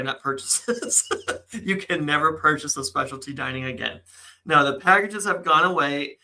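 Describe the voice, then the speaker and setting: A man's voice: fairly high pitch, gravelly, sharp tone, low-quality recording. A man co-hosting a casual live chat, reading out news items and laughing often. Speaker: co-host.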